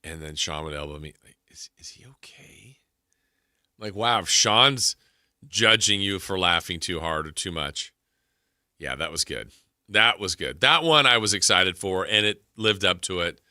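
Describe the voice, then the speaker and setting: A man hosting a sports radio show, chatting casually and trailing off in a relaxed, rambling way. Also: sits low, normal speed, no room sound, clean studio sound. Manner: rambling, laid-back, trailing off. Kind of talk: casual chat and show segue.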